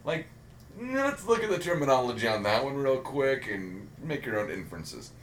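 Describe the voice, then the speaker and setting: A man's voice: medium pitch, very animated, moderate pace, fairly bright tone. A man co-hosting a casual pop-culture chat, rambling and swearing and poking fun at himself. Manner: rambling, profane, self-mocking. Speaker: podcast co-host. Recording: roomy echo with faint background hiss.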